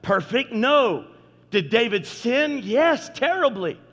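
A man with a very high voice preaches a sermon at a slow, deliberate pace, fervent and building to shouts at the peaks. His voice rings out in a church with a long reverb, and faint music sits underneath. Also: sing-song. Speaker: pastor.

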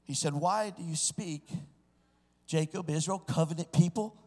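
A man preaching a sermon, swinging from hushed storytelling to loud, shouted exclamations. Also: a little high, a little slow. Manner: preaching with sudden swells into shouting. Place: church. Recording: church sanctuary with long reverb.

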